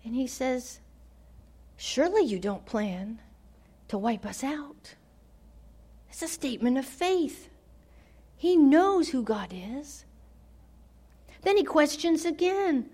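A woman preaching a sermon, dramatic, swinging from loud declarations to hushed near-whispers. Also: high voice, lively intonation, slow, long pauses.

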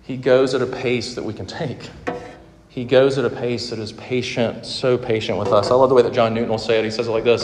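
A man in his thirties preaching a sermon as a pastor, earnest, often dropping to soft, emphatic endings. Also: mid-range voice, fairly even intonation, fairly quick. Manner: earnest, drops to soft emphatic lines at phrase ends. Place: large hall with audience. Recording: echoey hall sound, roomy reverb.

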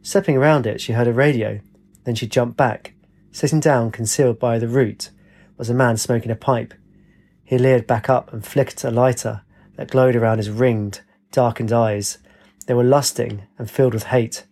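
A man narrating a story with a steady, dramatic reading. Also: medium pitch, moderate pace.

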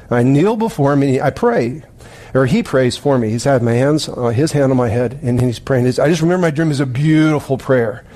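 Storytelling pastor man, mellow voice. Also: mid-range voice. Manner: storytelling, rambling with restarts, emphatic. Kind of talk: sermon with dream story.

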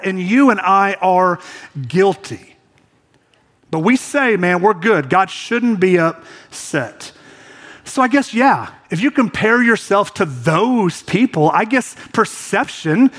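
A man's voice: sits high, fairly bright tone. A man in his thirties, a pastor preaching a conversational sermon, often repeating words as he talks.

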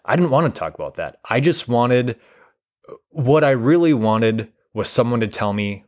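A man's voice: medium pitch, lively intonation, normal speed, darkish tone. A young man, a therapist, candidly recounting a personal story in an interview, reflective and full of restarts. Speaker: guest, therapist.

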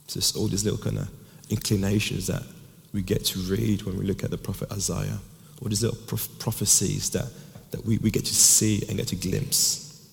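Gravelly-voiced male preacher in a hall. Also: lowish voice. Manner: earnest, personal storytelling with frequent restarts. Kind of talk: sermon.

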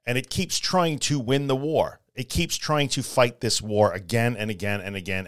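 A man's voice: medium pitch, moderate pace, few pauses, a bit bright, no echo, clean studio sound. A middle-aged man hosting a solo podcast, talking casually but earnestly and repeating his key phrases for emphasis. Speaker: podcast host.

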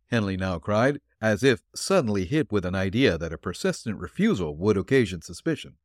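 A man narrating an old detective story aloud in a measured, expressive way. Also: on the low side, dry recording, clean studio sound. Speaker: narrator and reader. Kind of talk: audiobook narration.

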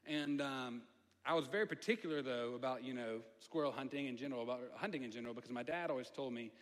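A man's voice: medium pitch, fast talker. A man with a Southern accent, preaching a storytelling sermon in a conversational way, with asides to the audience. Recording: long hall reverb.

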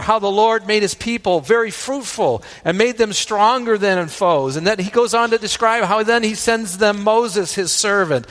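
A man's voice: sits high, fairly bright tone, in a large hall. A man preaching a sermon as pastor. He often checks in with the congregation by asking "right?" and retells scripture at length.

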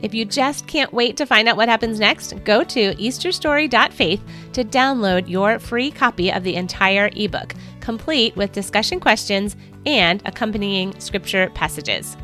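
A woman's voice: mid-range voice, normal speed, sharp tone, faint music behind. A woman hosting a devotional podcast, reading a story aloud with earnest expression.

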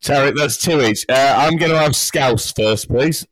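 A man's voice: medium pitch, unhurried, fairly bright tone, no room sound. A man co-hosting a podcast, telling stories bluntly with plenty of swearing. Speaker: podcast co-host. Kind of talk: casual chat.

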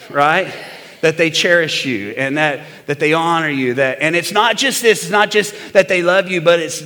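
A man preaching a sermon as a pastor, animated and urging the congregation to say amen. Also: fairly high pitch, big-room sound. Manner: animated preaching, prompting the crowd for amens.

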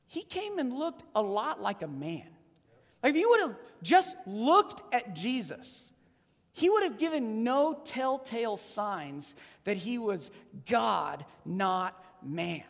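A preacher in their thirties or forties gives a sermon, swinging between loud emphasis and hushed, low, weighty lines. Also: very animated, takes it slowly, gravelly. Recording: long reverb of a large hall.

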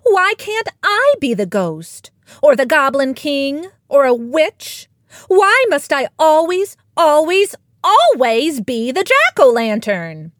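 Brief: a woman voicing a headstrong storybook cat, high and lively, big theatrical swings, dry close sound. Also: slow pace, no room sound, full character voice. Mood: petulant, demanding. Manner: high, loud and theatrical, wheedling then demanding. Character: dramatic, headstrong female tabby cat. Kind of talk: storybook character voice.

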